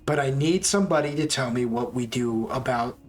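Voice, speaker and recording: A woman's voice: very deep voice, fairly quick, darkish tone, faint music behind. A man putting on a vain, fussy drow liaison woman. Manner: prim, flustered, overly formal.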